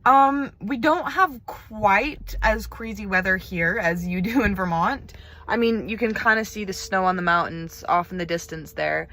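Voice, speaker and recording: A woman's voice: mid-range voice, a little slow, a bit bright. A teenage girl records a casual video message from her parked car, rambling and chatty with plenty of "like.". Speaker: video pen pal.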